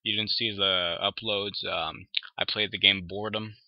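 A man's voice: fairly low pitch, steady tone, moderate pace, no room sound, lo-fi sound. A man with a sore throat talking casually and reading fan fiction aloud, a bit hesitant. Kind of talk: casual vlog intro and story reading.

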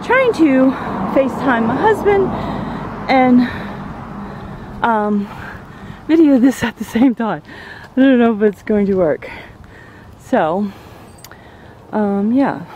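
A woman's voice: on the high side, expressive, slow, pauses often, darkish tone, lo-fi sound, a little hiss or hum. Chatty woman vlogging on a walk. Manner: chatty, rambling, easily awed. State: slightly out of breath from walking uphill. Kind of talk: casual walk-and-talk vlog. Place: outdoors on a neighborhood trail. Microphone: handheld camera, at times turned away.

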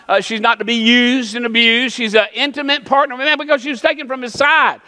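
A man's voice: high-pitched, bright, forceful tone. A man preaching a sermon as pastor, emphatic, calling on the congregation for amens. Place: church sanctuary. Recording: long church reverb.

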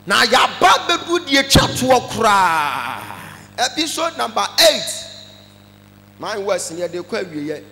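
A Ghanaian man preaching a sermon, animated, mixing Twi with English phrases and breaking into shouts. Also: high voice, slow, in a large hall, faint music behind. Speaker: pastor.

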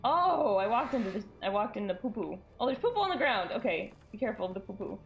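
A woman's voice: medium pitch, fast talker, creaky, highs cut off, faint music behind. A woman streaming a game live, chatting with her viewers and reacting in sudden bursts and laughter at a desk microphone. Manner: animated, jumpy reactions, bursts of shrieks and laughter.

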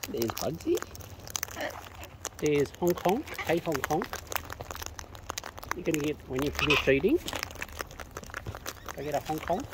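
A man's voice: on the high side, big pitch swings, measured pace, pauses often. A man feeding wild birds outdoors, chatting to them in a playful, coaxing sing-song way. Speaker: bird-feeding vlogger. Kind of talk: casual talk to birds while filming. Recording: loud background noise outdoors.

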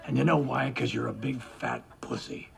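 A gravelly, snarling old war veteran. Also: male voice, medium pitch, steady tone, normal speed. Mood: scornful. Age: older. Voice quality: gravelly growl. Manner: snarling, threatening insults. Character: gruff bigoted old male war veteran. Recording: film audio with loud music.

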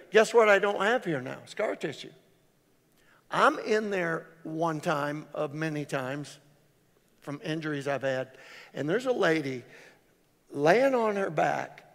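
The older pastor's voice sits on the high side; he takes it slowly and pauses often. His sermon, echoing with hall reverb in the church sanctuary, is animated and funny, full of stories where he acts out people's voices.

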